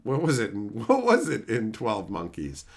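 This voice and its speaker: A middle-aged man ranting sarcastically at his live chat in casual, profane talk, breaking into loud mocking outbursts. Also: fairly low pitch, huge pitch swings, unhurried. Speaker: streamer reading live chat.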